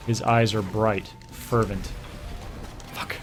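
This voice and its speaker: A young man giving a theatrical, hushed and breathy reading of a romance novel over gameplay, often breaking into laughter. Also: medium pitch, fairly even intonation, measured pace, over music. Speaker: gaming streamer.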